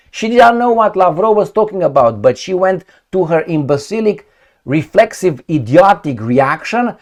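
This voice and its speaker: Animated, mocking male commentator. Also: a little high, a little fast. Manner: animated, mocking, repeats and restarts phrases. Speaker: political commentary host. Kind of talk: casual solo commentary.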